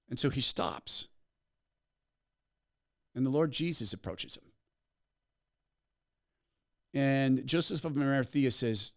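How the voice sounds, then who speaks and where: In a commentary monologue, a podcast host with a mid-range voice retells a story. His delivery is dramatic and animated, full of storytelling flair and dramatic pauses.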